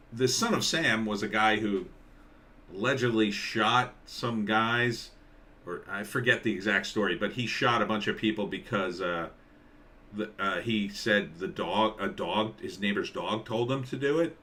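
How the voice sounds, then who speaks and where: A man hosting a live stream, rambling in casual commentary and reading viewer comments aloud, with halting restarts. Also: fairly low pitch, pushed and bright.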